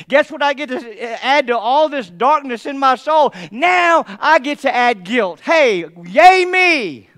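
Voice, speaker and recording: A man pastor preaching a sermon, moving from hushed, heavy passages to emphatic, mocking asides. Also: very high voice, clean tone.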